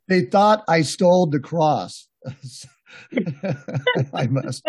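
A man's voice: sits high, slow, pauses often, slightly rough, no echo. A man hosting a podcast, telling rambling, laughing anecdotes in a casual chat with many restarts. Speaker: podcast host. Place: podcast room.

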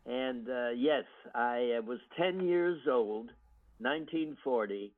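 An older American man, a guest actor, reminiscing in an interview with unhurried storytelling full of ums and restarts. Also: mid-range voice. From United States. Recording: tinny phone-line audio.

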